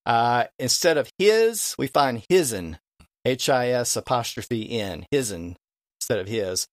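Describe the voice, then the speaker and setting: A man's voice: mid-range voice, lively intonation, measured pace, no room sound, clean studio sound. A man on a podcast, a guest expert explaining the history of English and stretching out vowels to demonstrate old pronunciations.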